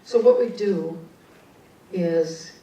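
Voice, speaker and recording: A woman psychic recounts her experiences in an animated, chatty way, acting out each exchange. Her voice is warm and mellow and sits on the lower side. The sound is roomy and distant, with faint ambience behind her. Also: very slow, muffled recording. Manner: animated, conversational, acts out dialogue. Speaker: psychic and ghostbuster. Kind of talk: personal storytelling talk.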